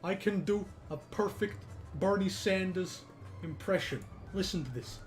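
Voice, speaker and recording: A man's voice: high-pitched, measured pace. A man streaming a video game, chatting casually, joking and swearing freely. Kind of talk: casual chat while gaming. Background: game music.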